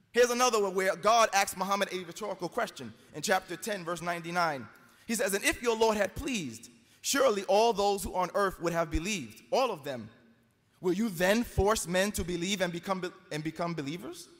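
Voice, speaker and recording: A man's voice: high voice, lively intonation, a little fast, fairly bright tone. An American man giving an emphatic, argumentative debate speech, quoting scripture to press his case. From United States. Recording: long hall reverb.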